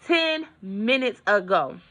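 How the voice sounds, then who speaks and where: A woman's voice: medium pitch, expressive, takes it slowly, a bit bright. A woman vlogger in a casual update, telling a story in a chatty way and talking straight to her viewers.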